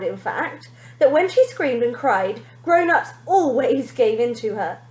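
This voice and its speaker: A woman teacher reading a children's storybook aloud, lively and expressive, pointing out the pictures. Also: on the high side, unhurried, roomy sound, rough recording.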